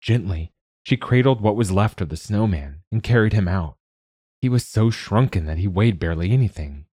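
A man narrating a children's story in a measured, gentle reading. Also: on the low side, lively intonation, dry recording, clean studio sound.

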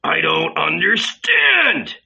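A man's voice: lowish voice, takes it slowly, vocal fry, sharp tone, husky, exaggerated voice. A man voicing a devoted, eager male disciple in an audiobook reading, earnest and easily alarmed. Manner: earnest, rising to alarmed cries. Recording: dull lo-fi recording.

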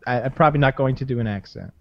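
A young man in casual chat, halting and deadpan. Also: mid-range voice, lo-fi sound, slight background noise.

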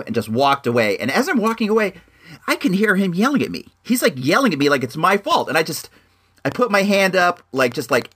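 A young man ranting in a casual monologue, emphatic and swinging high when worked up. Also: sing-song, fairly quick, bright, forceful tone. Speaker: vlogger.

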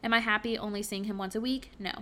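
A woman in her twenties, a podcast host, reading her own journal entries aloud in a candid, halting way with many fillers. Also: mid-range voice, steady tone, a bit bright. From Virginia. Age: 20s.

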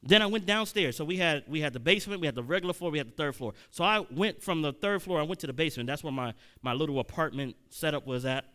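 A man, likely in his thirties, preaching a sermon as a personal story, conversational with sudden loud emphatic peaks and frequent restarts. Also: on the high side, quick pace, few pauses, clean tone.

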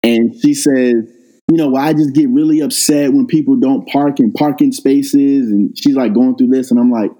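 A middle-aged man, a guest on an interview, telling a personal story in a casual, animated way and jumping up in pitch when he quotes himself. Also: normal speed, low-quality recording. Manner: animated retelling, rises sharply when quoting himself. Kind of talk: conversational storytelling.

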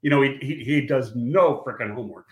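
Casting: older man, blunt rambling raconteur, mid pitch, recorded in a roomy space. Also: fairly quick. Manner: blunt, rambling storyteller with restarts and swearing. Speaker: guest, former football scout. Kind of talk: casual storytelling chat.

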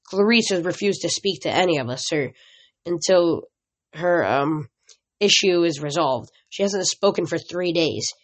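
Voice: medium pitch, expressive, a little slow. Polite, hesitant teen boy, read by an amateur audiobook reader.

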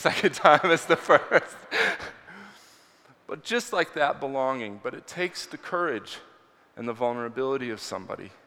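Male preacher, storytelling sermon, earnest, bright voice, long hall reverb. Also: mid-range voice. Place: church hall.

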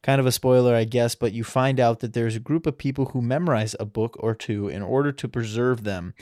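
A young man co-hosting a casual podcast, relaxed and rambling with lots of fillers. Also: medium pitch, a little fast, no echo, studio quality. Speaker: podcast co-host.

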